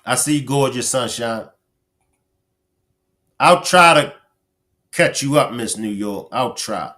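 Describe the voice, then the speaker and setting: A man hosting a livestream commentary speaks in a mid-range, sharp-toned voice, animated but slow. He addresses chat viewers directly, emphatic and repeating phrases.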